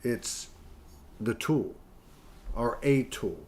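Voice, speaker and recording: A man's voice: mid-range voice, animated, very slow, darkish tone. A man hosting a casual interview, rambling and restarting his sentences as he thinks aloud. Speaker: host.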